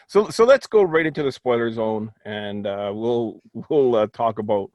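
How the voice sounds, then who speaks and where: A man's voice: medium pitch, animated, moderate pace, a little mellow, dry recording. A man in a casual film review chat who rambles and restarts his thoughts often.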